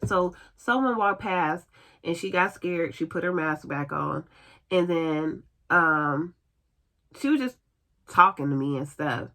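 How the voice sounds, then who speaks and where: A woman telling a personal story in a casual storytime vlog, chatty and animated, acting out what others said. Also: lowish voice, takes it slowly.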